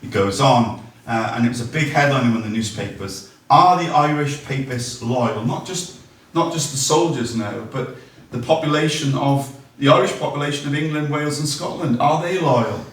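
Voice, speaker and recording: A local history speaker, a man with a mid-range voice and moderate pace, gives a public talk in a large, very echoey room, picked up from some distance from the mic. He speaks conversationally, with ums and restarts, occasionally reading quotations aloud.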